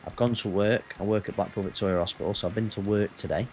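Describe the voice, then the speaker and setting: A man's voice: lowish voice, fairly even intonation, fast, soft background music. A man, chatting casually and swearing as he streams a racing game. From Northwest England. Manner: chatty, banters with chat, swears. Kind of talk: casual gaming stream chat.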